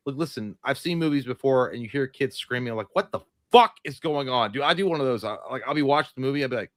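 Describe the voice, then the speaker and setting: A man's voice: mid-range voice, expressive, fast talker, a bit bright, no echo, clean studio sound. A man co-hosting a live movie talk stream, joking, swearing and reading viewer messages aloud. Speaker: podcast co-host. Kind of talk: casual live-stream chat.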